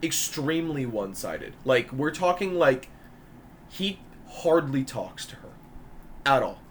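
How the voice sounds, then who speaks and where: A man's voice: mid-range voice, sing-song, measured pace, slight background noise. A man narrating as game master in a rambling, laughing way full of fillers.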